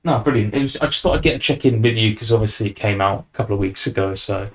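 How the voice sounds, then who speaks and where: Man, young adult, podcast host, low-ish voice, relaxed rambling chat. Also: quick pace. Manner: relaxed, rambling with fillers and restarts. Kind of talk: casual chat.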